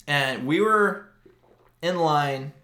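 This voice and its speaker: A young man with a slightly high voice tells a long, rambling story in casual podcast chat. He leans on "like" and "dude" as he goes. The room around him is echoey. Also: extremely slow, background noise. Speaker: podcast co-host.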